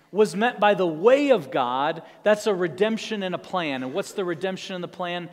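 Man, pastor, sermon, earnest storytelling, slightly high voice, echoing church hall.

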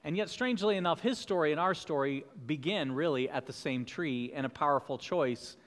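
Guy preaching a sermon, pretty high voice, earnest and questioning, long echo like a church hall. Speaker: pastor.

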